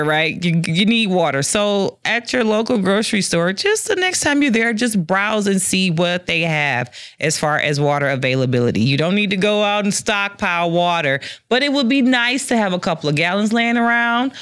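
A woman's voice: mid-range voice, expressive, moderate pace, fairly bright tone, clear, resonant tone, no room sound, studio quality. A woman co-hosting a casual talk show, teasing her partner and laughing often. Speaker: co-host. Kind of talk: casual chat.

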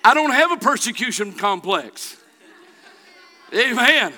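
A middle-aged man preaching a sermon, telling a folksy personal story that builds to shouting. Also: very high voice, very animated, unhurried, a faint crowd.

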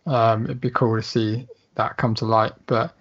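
A man's voice: lowish voice, little pitch movement, moderate pace, a bit bright, muffled recording. Dry-witted man, teasing tone. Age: about 40. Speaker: podcast co-host. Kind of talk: casual chat.

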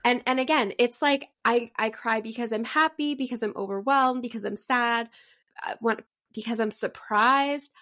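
Earnest, rambling higher-voiced woman. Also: moderate pace, a bit bright. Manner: earnest, emotional, rambling with many "like"s. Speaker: podcast co-host. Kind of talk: casual chat.

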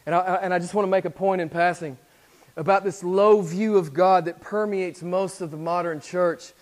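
A man preaching a sermon as pastor, moving between quiet, intense passages and loud exhortations. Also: high-pitched, fairly quick. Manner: swings from hushed to loud exhortation.

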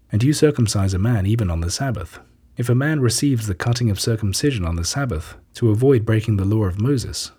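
A man voicing a calm male teacher who speaks with measured, earnest authority in a scripture reading. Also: lowish voice, husky.

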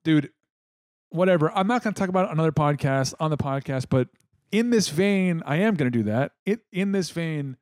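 Excitable podcast host, lively voice. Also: male voice, fairly high pitch, a little fast, no echo, clean studio sound. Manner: incredulous, excitable, swears freely. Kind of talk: casual podcast chat.

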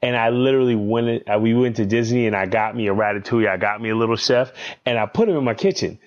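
A man who is a chef, telling stories in an animated, emphatic way in casual chat. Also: medium pitch, fast, muffled recording. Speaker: chef and co-host.

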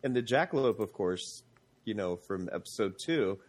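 A man co-hosting a casual podcast, deadpan, with blunt jokes. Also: lowish voice, normal speed, slight background noise. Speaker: podcast co-host. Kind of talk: casual chat.

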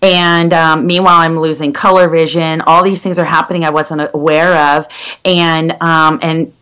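Candid, halting woman in her fifties. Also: fairly low pitch, fairly even intonation, fairly bright tone, poor audio. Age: 50s. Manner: candid, halting, many fillers and restarts. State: legally blind. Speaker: interview guest. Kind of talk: personal story in conversation.

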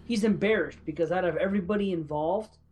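A woman's voice: on the low side, quick pace, a little mellow, low-quality recording. A woman in casual podcast chat about a film, blunt and swearing heavily as she explains her take. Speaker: podcast co-host.

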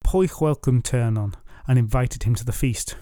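Wry, mellow male storyteller. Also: medium pitch, moderate pace, no room sound, clean studio sound. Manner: wry, jokey asides. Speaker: storyteller and podcast host. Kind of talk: comic myth retelling.

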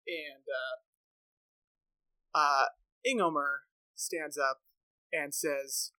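A man narrating a tabletop game as game master, relaxed and hesitant with many fillers. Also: fairly high pitch, very slow, pauses often, dry recording, rough recording.

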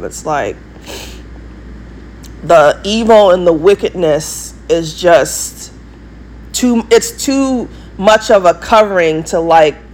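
A woman's voice: lowish voice, a little hiss or hum. A woman with an English accent talks in a rambling monologue to her viewers, emphatic and repeating herself for stress. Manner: emphatic, repetitive, insistent. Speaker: vlogger.

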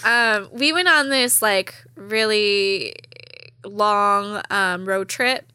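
A young woman in casual conversation, an animated storyteller who swears freely and laughs often. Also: mid-range voice, drawn-out words, clear, resonant tone, dry recording.

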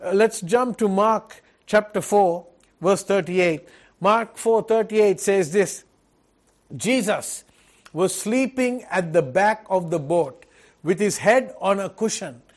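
A man delivers an earnest sermon. He preaches at a measured, unhurried pace in a fairly high voice, circling back to his points with repeated phrases and rhetorical questions. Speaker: pastor.

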